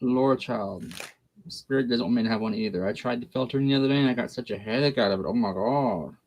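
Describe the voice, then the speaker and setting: A man's voice: mid-range voice, fast talker, darkish tone, rough recording. A man, a guest tarot reader talking in a folksy, blunt way. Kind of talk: casual chat during a tarot reading.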